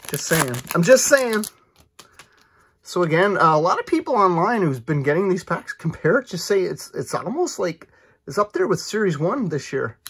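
A man chatting excitably as he opens trading card packs, rambling with fillers and quick asides. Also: fairly high pitch, breathy edge. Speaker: card collector vlogger. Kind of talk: casual card-opening commentary.

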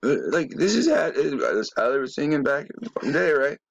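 A man's voice: on the high side, big pitch swings, a little fast, vocal fry, dry recording, lo-fi sound. A man delivering a rambling, emphatic monologue, often swearing and throwing in rhetorical questions. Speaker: video commentator.

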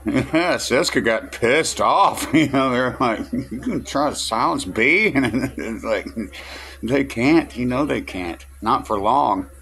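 A man with a drawl rambles to his camera, groggy from just waking up. He talks slowly in a bright, sharp-edged voice, chuckling between phrases and swearing as he goes. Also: mid-range voice, lively intonation, creaky. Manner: chuckles through his words, swears freely. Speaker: vlogger. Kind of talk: casual rambling vlog.

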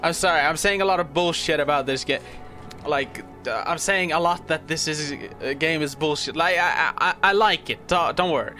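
A man's voice: a little high, normal speed, sharp tone, soft background music. A young man giving casual, rambling gameplay commentary, stammering and swearing freely as he plays. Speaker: gaming video host.

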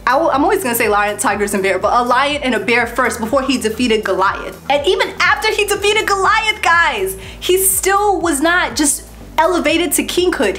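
A woman giving a casual Christian exhortation that ends in a prayer. She is lively and preachy, laughs between points and repeats herself. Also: a little high.

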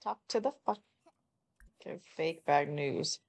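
A man's voice: on the high side, a little slow, voice pushed down. A woman voicing a rude, grumpy man character from a life-simulation game, flippant and careless as he delivers bad news. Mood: dismissive. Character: rude grumpy man sim, blunt and dismissive.

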